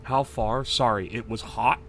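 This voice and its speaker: A man streaming a game live, reading out ingredient lists and swearing in loud disbelief, then making himself talk calmly. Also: mid-range voice, unhurried, creaky, faint music behind. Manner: excitable and profane, swearing and yelling in disbelief. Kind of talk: live-stream gaming commentary.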